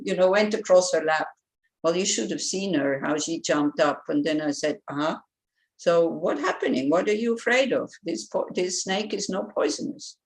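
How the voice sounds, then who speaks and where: Woman giving a relaxed dharma talk. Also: fairly low pitch. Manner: relaxed, conversational, digressive with anecdotes and fillers. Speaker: Buddhist nun teaching a text. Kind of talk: informal dharma teaching.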